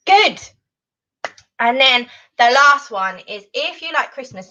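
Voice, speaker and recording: A woman leading an online Spanish lesson for children, animated and encouraging. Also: high voice, slow, highs cut off. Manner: animated, encouraging, sing-song teacher voice.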